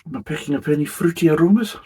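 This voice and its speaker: A man's voice: on the high side, racing, mellow, slightly rough. A middle-aged man reviewing a beer in a chatty, rambling way, swearing casually as he goes.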